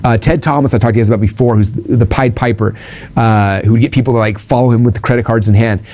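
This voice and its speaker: A man's voice: medium pitch, steady tone, fast, darkish tone. A man giving an informal sales training talk, rambling with ums and restarts and acting out quoted conversations.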